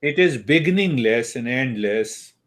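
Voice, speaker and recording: Guy teaching meditation, super slow and calm, lots of pauses. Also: medium pitch. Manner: uses Sanskrit terms. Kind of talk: spiritual teaching talk.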